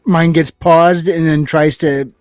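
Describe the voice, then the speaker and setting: A man with a fairly high voice and an easygoing, laugh-prone way of talking. His voice comes across dry and close, with no room around it, in casual group chat. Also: steady tone, slow, no echo. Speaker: show regular.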